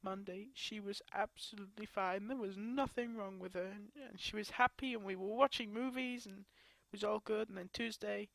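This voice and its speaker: A woman crying as she talks to her camera in a grieving personal vlog, her speech halting and broken by sobs and restarts. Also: medium pitch, fairly even intonation, vocal fry, no echo. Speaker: vlogger.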